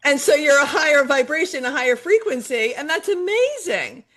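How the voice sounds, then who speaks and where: A woman's voice: high voice, expressive, moderate pace, a bit bright. Enthusiastic motivational woman coach. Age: middle-aged. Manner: enthusiastic, motivational, repeats phrases for emphasis. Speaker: life coach guest. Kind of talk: podcast conversation.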